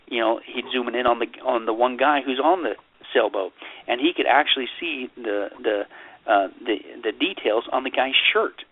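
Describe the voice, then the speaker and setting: A male pastor talks as an interview guest, his voice dry and tinny as if over a phone line. He builds his points in long chains of "and then" and turns sarcastic to drive them home. His pitch sits in an ordinary middle range for a man. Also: normal speed, dry recording. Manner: sarcastic, mocking put-on voices. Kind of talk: animated interview talk.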